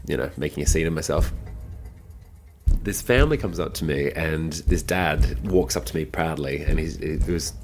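Deep-voiced chatty man telling stories. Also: moderate pace, soft background music. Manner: chatty, animated, acts out quoted voices. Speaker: drag performer. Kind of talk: casual storytelling.

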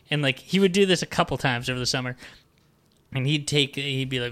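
A man's voice: mid-range voice, brisk, pushed and bright, clear, resonant tone, dry recording. A man in his thirties hosting a podcast, ranting and cursing casually while reading passages from a book aloud. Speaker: podcast host. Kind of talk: casual comedic book discussion.

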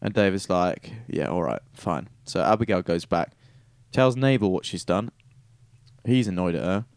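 A man with a fairly low voice, recorded close and dry with no room sound. He retells old stories in an offhand, irreverent way, swearing and sketching quick character voices. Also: darkish tone, smooth, no room sound. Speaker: podcast co-host retelling Bible stories. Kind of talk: casual chat.

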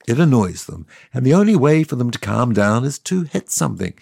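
A man's voice: medium pitch, big pitch swings, brisk, gravelly, a little mellow, breathy edge, no echo, clean studio sound, heavily acted. A man plays God as a sardonic, chatty ancient deity, telling the story in a scripted comic monologue. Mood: wry.

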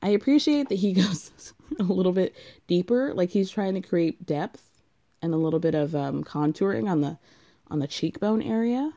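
A woman's voice: lowish voice, animated, moderate pace, warm tone. A woman with a contralto voice giving a sarcastic, gossipy recap of a reality TV show in a casual way.

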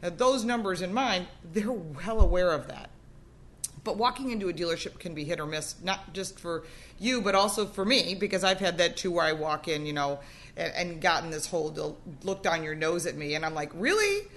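A woman and former dealer trainer telling stories in lively, emphatic conversation. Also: on the low side, normal speed, a little hiss or hum. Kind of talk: casual panel talk.

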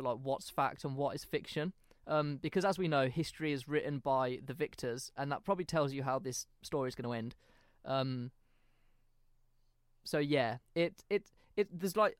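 Wry laid-back podcast man, slightly high. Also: clean tone, no echo, studio quality. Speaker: podcast co-host, storyteller. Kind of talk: casual chat.

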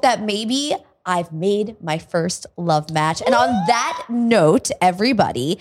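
A woman co-hosting a podcast in a loose, chatty way, her pitch swinging up and down as she tells stories. She laughs often and keeps things lively. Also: takes it slowly, few pauses. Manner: laughs often, animated storytelling. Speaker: podcast co-host. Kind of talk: casual chat.

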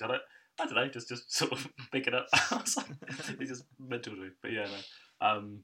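A young man on a podcast telling stories quickly in a casual chat, laughing and trailing off into asides. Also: medium pitch, sharp tone, far from the mic. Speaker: podcast co-host.

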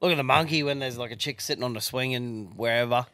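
A man's voice: medium pitch, quick pace, bright, forceful tone, dry recording. A man co-hosting a podcast, telling blunt, crude stories in casual banter. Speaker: podcast co-host.

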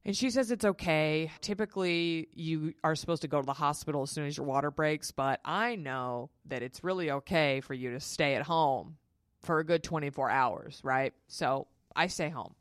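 A woman's voice: low-pitched, no room sound, studio quality. A woman, hosting a podcast and telling a personal story in a frank, profane, chatty way. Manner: frank and profane, quick asides. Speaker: podcast host.

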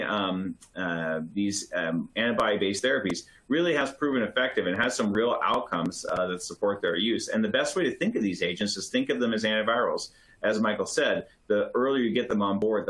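A man, a physician, giving a medical education talk with many pauses and restarts. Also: on the low side, a bit bright, poor audio. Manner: hesitant, many fillers and restarts. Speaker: physician presenter.

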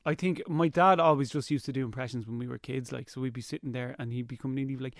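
A man's voice: medium pitch, racing, few pauses, dry recording, studio quality. A man chatting as a radio guest, joking and slipping into cartoon impressions. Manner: jokey, slips into cartoon voices. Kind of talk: casual chat.

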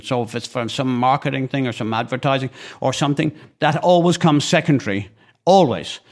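Older Irish man, podcast co-host, rambling, animated storyteller. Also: medium pitch. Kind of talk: casual chat.

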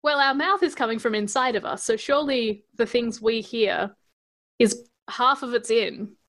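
A woman's voice: fairly high pitch, normal speed, fairly bright tone. Chatty Australian woman with Adelaide accent. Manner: chatty, laughs often, hesitant with ums. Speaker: podcast co-host. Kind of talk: casual chat.

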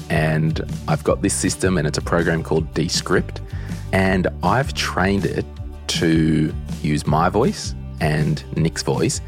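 A man hosting a podcast in a casual, chatty way, ranting bluntly at times. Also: low-pitched. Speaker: podcast host.

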